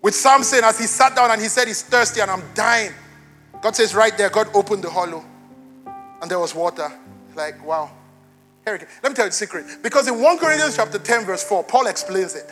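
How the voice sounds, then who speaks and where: A man preaching a sermon as pastor, chatty and playful with the congregation, then rising to loud, emphatic preaching. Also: high-pitched, brisk, faint music behind. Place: church.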